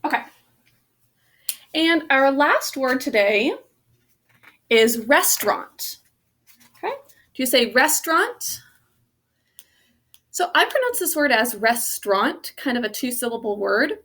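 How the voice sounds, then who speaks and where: A woman teaching spelling, walking her students through each word sound by sound. She talks slowly and patiently, with a slightly high voice. She stops to spell words out letter by letter. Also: sing-song, sharp tone. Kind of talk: spelling lesson.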